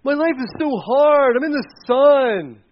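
Preacher putting on whiny bitter jonah, pitch jumps way up, sulky. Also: male voice, expressive, measured pace, muffled recording, a little hiss or hum. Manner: complaining, petulant.

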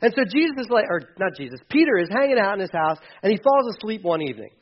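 A man's voice: sits high, big pitch swings, quick pace, muffled recording. A man preaching a sermon in a conversational way, acting out quotes in casual voices. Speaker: pastor.

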